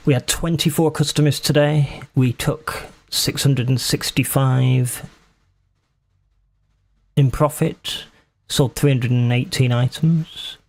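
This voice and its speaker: A man chatting away while he plays a shop game on stream. His voice sits in a middling range, and his talk is relaxed and rambling. He often mutters to himself and teases himself along the way. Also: medium pitch. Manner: chatty, talks to himself, self-mocking. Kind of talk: casual gameplay commentary.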